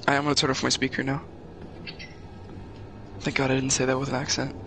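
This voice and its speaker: A man's voice: mid-range voice, monotone, brisk, creaky, sharp tone, slight background noise. A man chatting casually with friends while gaming, rambling and now and then singing along to a song. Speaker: gamer streaming with friends. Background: music playing.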